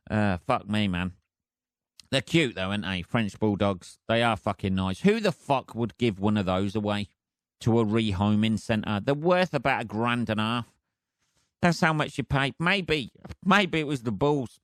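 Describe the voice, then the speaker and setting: A man's voice: mid-range voice, a bit bright, dry recording, studio quality. A man hosting a solo podcast, rambling casually with heavy swearing and chuckles. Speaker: podcast host.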